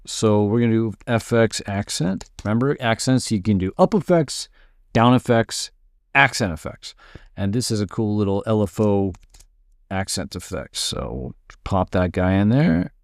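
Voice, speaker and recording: A man casually teaching music production, thinking aloud while he works and muttering at his software. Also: fairly low pitch, no echo. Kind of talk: casual screen-recorded tutorial.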